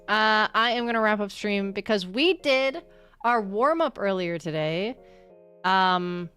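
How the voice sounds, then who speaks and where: A young woman streaming, chatting casually with her viewers while she plays, bubbly and quick to laugh. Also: mid-range voice, a bit bright, smooth. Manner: bubbly, laughs often, talks back to chat. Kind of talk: casual livestream chat while gaming.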